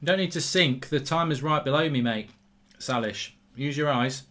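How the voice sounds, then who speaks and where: Young guy, livestream football reactor, slightly high, punchy voice, yells at the game. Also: moderate pace. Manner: excitable, shouts at the match, reads chat aloud. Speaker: football watchalong host. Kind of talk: live football reaction stream.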